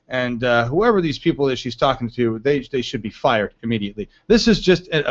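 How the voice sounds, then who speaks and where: A man's voice: mid-range voice, muffled recording. A man giving blunt, profane political commentary on a live stream.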